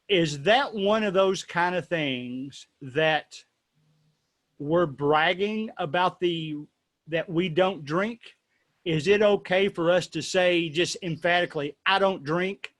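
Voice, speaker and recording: A man's voice: on the high side, a bit bright, no echo. A man hosting a casual discussion, playful and rambling, often restarting his sentences. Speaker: host.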